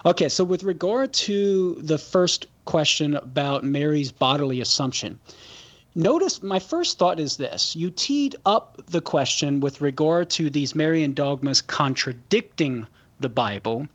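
Guy explaining things step by step on a call-in show, friendly, a bit higher voice. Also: lively intonation, unhurried. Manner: methodical, friendly. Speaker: Catholic apologist guest. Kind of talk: explanatory talk show answer.

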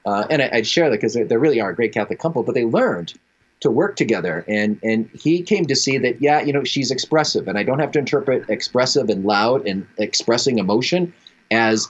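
A man's voice: medium pitch, expressive, fairly quick. Storytelling man on a dull line. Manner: storytelling, acts out quoted voices, laughs often. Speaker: guest speaker. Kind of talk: relaxed radio interview talk.

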